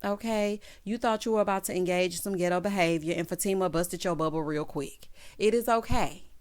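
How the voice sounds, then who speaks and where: Recapping and commenting on a TV show, this host comes across as sassy, addressing viewers directly and performing the quotes. She has a lowish, darkish voice and talks fairly quickly.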